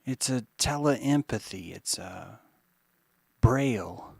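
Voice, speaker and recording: A man hosting a podcast, rambling in a monologue that swings from hushed musing to mocking put-on voices, with some swearing. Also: medium pitch, animated, slow pace, vocal fry, slightly rough, dry recording, studio quality. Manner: profane. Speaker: podcast host.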